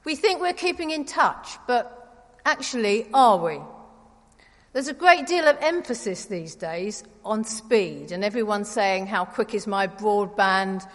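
Woman preacher, chatty and wry, mid-pitched, heard in a reverberant church. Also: animated, unhurried. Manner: conversational, gently wry. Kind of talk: sermon.

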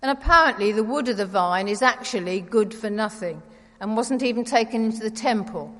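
A woman giving a conversational, gently wry sermon in church. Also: fairly high pitch, brisk. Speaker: preacher. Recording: reverberant church hall.

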